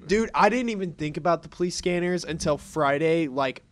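A man's voice: on the high side, normal speed. A young man co-hosting a casual podcast chat, playful and jokey. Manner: jokey, playful, drops into silly voices. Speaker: podcast co-host.

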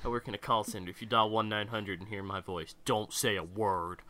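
A young man in his twenties, co-hosting a casual podcast and telling animated, profane stories. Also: lowish voice, a little fast, background noise. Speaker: podcast co-host.

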